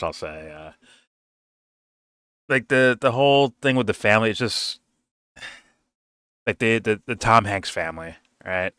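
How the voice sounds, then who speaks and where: A man's voice: on the low side, animated, slow pace, long pauses, pushed and bright, smooth, no echo, studio quality. A man giving a casual, rambling film review, swearing freely and laughing often.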